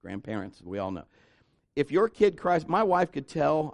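A middle-aged pastor preaching a sermon, telling stories with animated energy and putting on the voices of the people in them. His voice sits high and swings widely in pitch. The sound is dry and close. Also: normal speed, gravelly, no echo. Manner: animated storytelling, acting out voices and cries.

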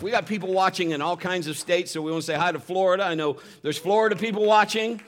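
A man's voice: high-pitched, fast, few pauses, fairly bright tone. A man pastor giving a folksy, joking sermon and church announcements on a live stream. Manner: folksy, upbeat, joking, with many restarts.

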